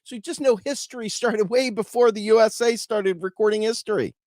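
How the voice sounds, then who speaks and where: A man hosting a casual explainer talk, telling stories in an animated, conversational way. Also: high-pitched, brisk, no echo, studio quality. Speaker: host.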